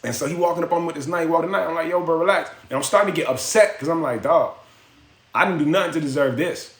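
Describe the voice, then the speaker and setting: Guy on a phone livestream rattling off a story, kinda high voice, echoey room. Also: racing. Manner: animated storyteller acting out quotes, slangy. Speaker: livestream host. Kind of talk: casual storytelling to live chat.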